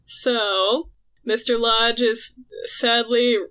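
A woman's voice: fairly high pitch, extremely slow. A woman in casual chat, recapping a comic and acting out the characters' lines. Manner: animated storytelling, acting out characters' lines with laughs. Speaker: podcast co-host recapping a comic.

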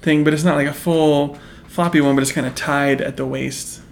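A co-host with a gravelly, creaky voice talks through a sitcom episode in casual chat. The delivery is chatty and opinionated, lingering on small details such as the characters' clothes. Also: medium pitch, fairly even intonation, moderate pace, a little hiss or hum. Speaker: podcast co-host.

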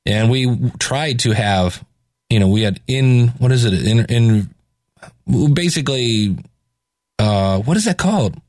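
A man's voice: mid-range voice, expressive, a little slow, a little mellow, dry recording, studio quality. A middle-aged man giving a casual Bible reflection, talking loosely with restarts and hesitations and retelling scripture in everyday speech. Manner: conversational, rambling with restarts and hesitations.

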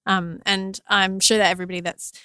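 A woman's voice: mid-range voice, level tone, a little fast, pushed and bright, clean tone, no room sound. Friendly woman podcast host, dry sound. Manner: friendly, laughs easily. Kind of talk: podcast interview.

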